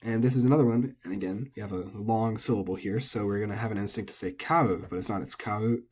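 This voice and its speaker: A man's voice: fairly low pitch, fairly even intonation, quick pace, mellow, breathy edge. A man, an English speaker, giving a casual recorded language lesson, thinking aloud with frequent ums and self-corrections. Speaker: language teacher.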